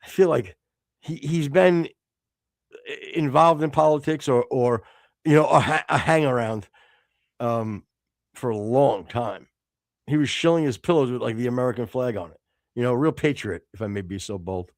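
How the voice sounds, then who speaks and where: A man's voice: medium pitch, normal speed, no room sound, clean studio sound. A man co-hosting a casual podcast stream, joking crudely, laughing often and stammering. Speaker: podcast co-host. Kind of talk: casual live-stream chat.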